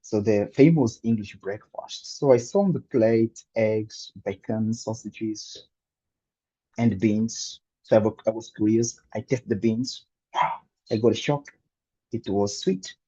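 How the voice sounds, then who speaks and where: A man in his thirties from Angola, giving a prepared humorous speech as an animated storyteller with dramatic pauses. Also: on the low side, breathy edge, dull audio. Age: 30s. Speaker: club speaker.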